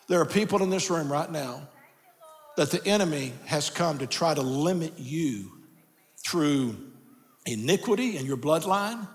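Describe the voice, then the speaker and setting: An older man preaching in a large church with a long, ringing reverb. His voice sits a bit high for a man, and he swings from hushed, gentle lines to shouted emphasis, repeating key phrases. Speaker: pastor. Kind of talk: sermon.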